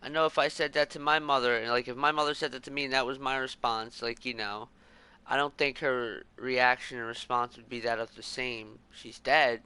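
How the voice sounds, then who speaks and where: A man's voice: mid-range voice, steady tone, moderate pace, sharp tone, smooth. A man streaming a video game, reacting in rambling, profane commentary full of "like". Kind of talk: casual gameplay commentary.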